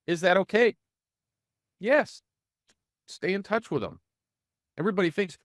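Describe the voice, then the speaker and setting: A middle-aged man coaching real estate agents in a live online training session, energetic and full of rhetorical questions to his audience. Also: high-pitched, a little slow, pauses often, no room sound, clean studio sound.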